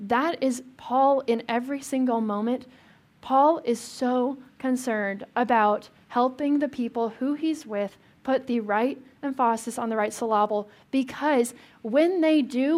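A woman's voice: sits high, a little mellow. A woman pastor giving a conversational sermon in church, asking the congregation questions and adding light jokes.

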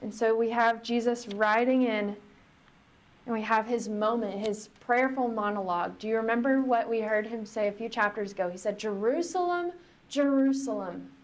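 Reflective woman pastor, higher voice. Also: steady tone. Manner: reflective, conversational, slows for emphasis. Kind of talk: sermon with scripture reading.

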